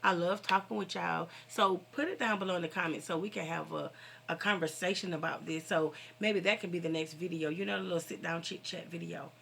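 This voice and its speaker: Gravelly, bright-voiced woman vlogger venting. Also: fairly low pitch, fairly even intonation, brisk, slight background noise. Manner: preachy, fervent, talks straight to viewers. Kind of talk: casual heartfelt vent to viewers.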